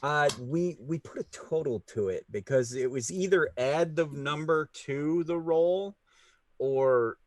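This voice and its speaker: Halting man running a tabletop game. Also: fairly high pitch, a little mellow, no room sound. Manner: halting, full of fillers, laughs easily. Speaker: game master.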